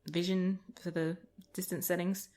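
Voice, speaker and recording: Chatty woman, lowish voice. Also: level tone, normal speed, warm tone. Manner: rambling anecdotes with frequent laughter. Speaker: gaming video creator. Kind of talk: casual let's-play chat.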